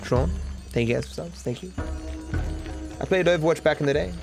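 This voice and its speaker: A man's voice: a little high, fairly quick, creaky, music in the background. An Australian man livestreaming a game, chatting offhand and answering viewers' questions. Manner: offhand, reads and answers chat. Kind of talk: casual chat while gaming.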